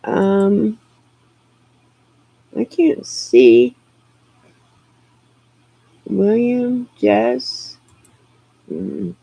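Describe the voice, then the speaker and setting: Excitable woman with a husky, lively voice. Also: a little high, dry recording, poor audio. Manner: excitable, rambling, quick to laugh. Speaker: live streamer. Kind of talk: casual live-stream chat.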